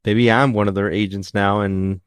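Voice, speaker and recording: Low-voiced man, rambling and joking. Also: steady tone, moderate pace, clean tone, no room sound. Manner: rambling, joking, trails off mid-sentence. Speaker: podcast co-host. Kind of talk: casual conversation.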